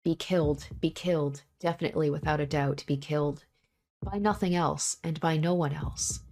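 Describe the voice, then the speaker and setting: A woman's voice: sits low, steady tone, moderate pace, darkish tone. Woman reading as a grim young man narrating. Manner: grim, repetitive inner monologue. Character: young man narrating his own bloody fight. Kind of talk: visual novel read aloud.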